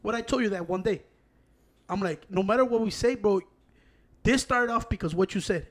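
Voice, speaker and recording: High-voiced man, profane and rambling. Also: normal speed. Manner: profane, rambling, mixing Spanish and English. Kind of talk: casual chat.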